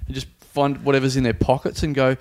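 Male podcast host, mid pitch, jokey, chatty interviewer. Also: completely flat delivery, a little mellow. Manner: joking, quick to agree, halting questions. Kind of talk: casual chat, interviewing.

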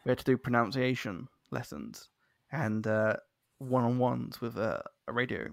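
A man's voice: medium pitch, animated, normal speed, vocal fry, no echo, clean studio sound. A man from London with an English accent, hosting a podcast interview in a chatty, self-deprecating way. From London, England. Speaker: podcast host. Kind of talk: casual interview chat.

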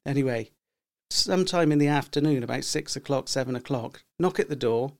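A man's voice: mid-range voice, fairly quick, vocal fry, darkish tone. A middle-aged man co-hosting a podcast, rambling through stories in casual chat and acting out what people said. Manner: rambling storyteller, acts out quotes. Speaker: podcast co-host.

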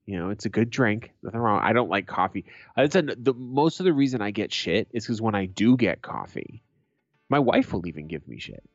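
A man's voice: on the low side, big pitch swings, fairly quick, dry recording, highs cut off. A man co-hosting a podcast in casual chat, blunt and sweary, ranting with a laugh. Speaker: podcast co-host.

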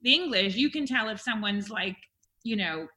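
Bright, lively American woman. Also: medium pitch, moderate pace. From United States. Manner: animated storyteller, laughs often. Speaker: podcast co-host. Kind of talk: casual chat.

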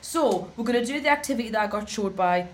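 A woman's voice: fairly high pitch, lively intonation, quick pace, slight background noise. A woman co-hosting a comedy podcast in casual chat, giggly and rambling, often cutting herself off mid-sentence. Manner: giggly, rambling, self-interrupting. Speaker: podcast co-host.

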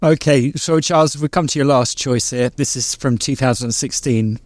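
A man's voice: mid-range voice, normal speed, dry recording, studio quality. A man hosting an interview, asking polite, slightly hesitant questions. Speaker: podcast host.

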